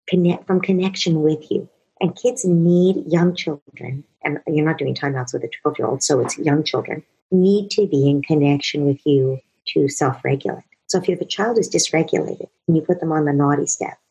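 A woman's voice: sits low, creaky, darkish tone, breathy edge, muffled recording. A woman giving a long earnest explanation of child discipline as a parenting expert, now and then acting out parents and children. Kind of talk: explanatory talk answering a question.

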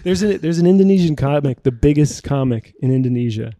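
A man's voice: a little high, expressive, fairly quick, warm tone, dry recording. A man guesting on a podcast, telling rambling stories in casual chat and laughing at his own jokes.

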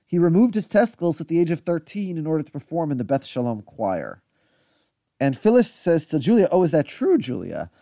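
A man's voice: fairly high pitch, very animated, brisk, dark tone, no echo, clean studio sound. A man co-hosting a podcast, casually recapping a TV episode in chatty detail with lots of asides. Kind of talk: casual chat.

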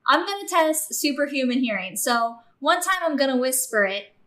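Woman podcast host, slightly high voice, playful and chatty, laughs easily. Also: sing-song, normal speed, sharp tone. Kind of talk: casual conversational podcast.

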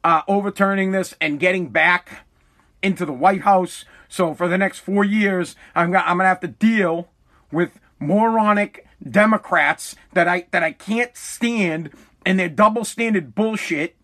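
A man with a very high, bright voice delivers a profane, fired-up rant from his home at night. He mocks the people he is complaining about and keeps pushing, full of heat. His tone stays sharp and cutting. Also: a little slow. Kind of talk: ranting monologue.

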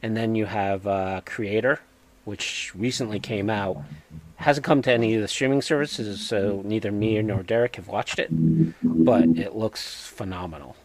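A man with a New England accent, co-hosting a podcast in casual chat, talking hesitantly with many filler pauses. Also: on the low side. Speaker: podcast co-host.

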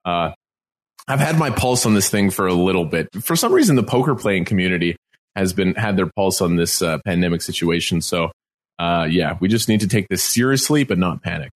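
A man's voice: deep voice, animated, a little fast. A man co-hosting a podcast from home, talking in an earnest, reassuring way and repeating himself for emphasis. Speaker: podcast co-host. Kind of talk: casual podcast chat. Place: at home, self-isolating.

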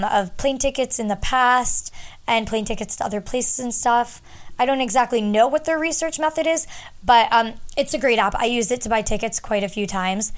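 A young woman talking casually to her audience, sharing travel tips in a chatty, rambling way with lots of fillers. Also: on the high side. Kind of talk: casual advice talk.

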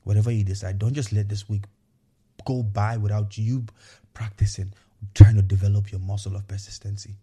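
Earnest low-voiced podcast host, dark tone. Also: male voice, flat delivery, brisk, slightly rough. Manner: earnest, repetitive, coaching tone with frequent "okay" and "you know". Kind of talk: motivational podcast monologue.

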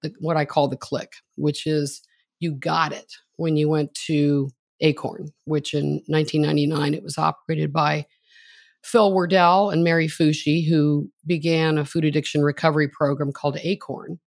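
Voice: mid-range voice, flat delivery, normal speed, gravelly, no echo. A podcast host introducing a guest and asking questions in a chatty, admiring, conversational way.

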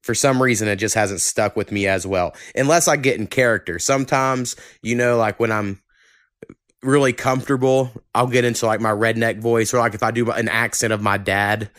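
Laid-back Oklahoma podcast host, dry sound. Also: male voice, fairly low pitch, normal speed, no room sound. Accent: Southern Oklahoma, mild. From Oklahoma, USA. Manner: relaxed, swears casually. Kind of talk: casual chat.

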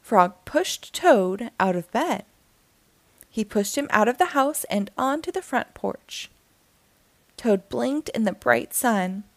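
A woman reading a children's book aloud in a slow, gentle and expressive way as a storytime host. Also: fairly high pitch, creaky, dry recording. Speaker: storytime reader.

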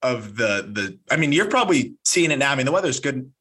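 A man's voice: medium pitch, sing-song, fairly quick, pushed and bright, breathy edge. A man hosting a casual interview, upbeat and laughing often as he asks quiz-style questions. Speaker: host, interviewer.

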